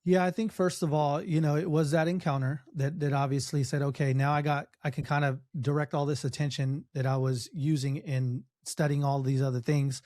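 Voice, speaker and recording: A man's voice: on the high side, fairly even intonation, a little fast, hardly any pauses, a little mellow, no room sound. Earnest man, dry close sound. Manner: earnest, frequent restarts and fillers. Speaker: podcast guest, documentary filmmaker. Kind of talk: casual interview talk.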